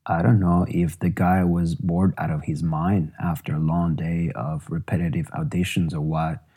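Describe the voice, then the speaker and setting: A man reads his memoir in a reflective, measured way. His voice sits low and dark, with a husky grain. He takes his time with each phrase. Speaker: musician narrating his own memoir.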